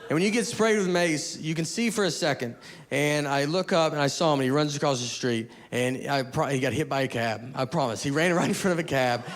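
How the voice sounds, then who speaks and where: Deadpan man doing stand-up. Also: on the high side, brisk, few pauses. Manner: deadpan, understated, rambling asides. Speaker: stand-up comedian. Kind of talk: stand-up storytelling. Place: comedy stage before a live audience. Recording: live audience murmur and faint noise. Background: audience laughter.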